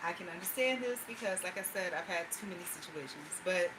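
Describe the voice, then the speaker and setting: A woman's voice: lowish voice, fairly quick, noisy background. A woman vlogger venting in a loose, rambling personal monologue, anxious and talking things through in run-on asides.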